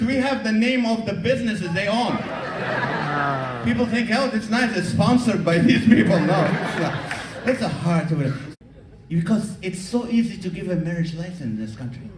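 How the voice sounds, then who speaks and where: A man doing stand-up comedy, teasing the audience in an animated way, recorded live from the crowd. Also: high-pitched, far from the mic, noisy background. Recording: echoey hall taped from the audience. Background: audience laughter.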